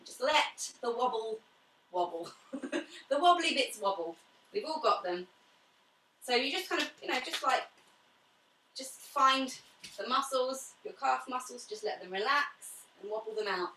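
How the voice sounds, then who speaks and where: A woman's voice: sits high, normal speed, recorded from a distance, a little hiss or hum. Chatty woman guiding a pilates class. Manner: calm, chatty guidance with soft cues. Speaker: pilates instructor. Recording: echoey room, away from the mic.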